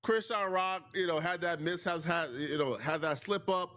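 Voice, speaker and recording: A man's voice: a little high, normal speed, hardly any pauses, fairly bright tone. A man recapping a news story in a casual, conversational way, with many fillers.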